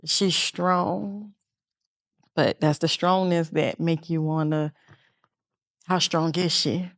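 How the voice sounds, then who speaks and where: A middle-aged woman speaks as an interview guest, earnest and reflective. Her voice sits on the lower side. The sound is dry and close. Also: steady tone, slow pace, no echo. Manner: earnest, heartfelt, reflective storytelling. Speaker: interview guest, bereaved mother. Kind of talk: emotional personal interview.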